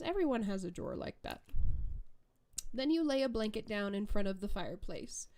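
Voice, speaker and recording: A woman's voice: medium pitch, expressive, moderate pace, darkish tone. A young woman streamer reading a dating game aloud and adding giggly, teasing, sarcastic asides.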